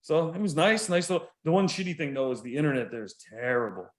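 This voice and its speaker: A man's voice: a little high, fast talker. A Canadian man co-hosting a podcast in casual chat, rambling along, laughing often and swearing freely. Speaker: podcast co-host.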